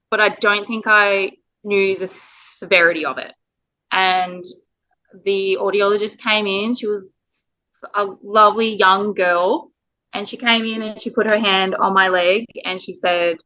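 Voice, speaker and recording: A woman's voice: medium pitch, sharp tone, highs cut off. A woman from Australia, a parent telling her story in an interview, earnest and emotional with the odd laugh. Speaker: parent guest.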